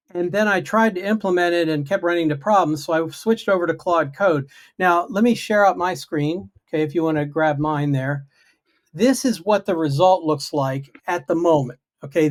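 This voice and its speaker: A man chatting casually on a video-call livestream, explaining his project in a self-deprecating way. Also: a little high. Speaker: guest programmer.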